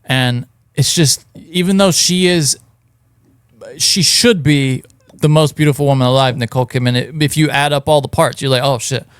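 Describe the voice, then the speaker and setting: A man's voice: mid-range voice, moderate pace, clean tone. A laid-back male podcast host chatting casually, skeptical in tone, with a mid-range voice. The sound is close and dry, with no room echo. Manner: laid-back, skeptical, reads results aloud. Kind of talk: casual chat.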